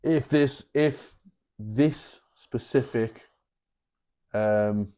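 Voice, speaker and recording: Laid-back sweary podcast guy, dark voice. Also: medium pitch, extremely slow. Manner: relaxed, sweary, rambling banter. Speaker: podcast co-host. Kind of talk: casual sports chat.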